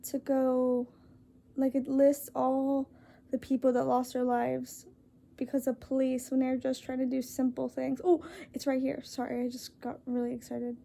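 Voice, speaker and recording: A young woman talking earnestly to camera, halting and apologetic, with many fillers and restarts as she reads a list aloud. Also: sits high, completely flat delivery, gravelly, mellow. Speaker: vlogger. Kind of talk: earnest casual talk to camera.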